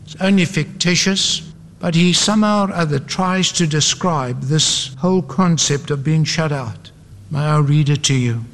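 A man's voice: on the high side, normal speed, fairly bright tone, a little hiss or hum. A man preaching a sermon with an emphatic, repetitive cadence. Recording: long reverb of a large hall.

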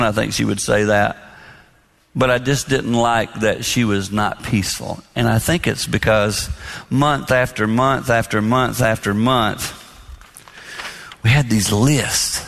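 Animated preacher man in a reverberant hall. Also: medium pitch, creaky. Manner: animated, acts out quotes and laughs. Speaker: marriage preacher. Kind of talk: storytelling sermon.

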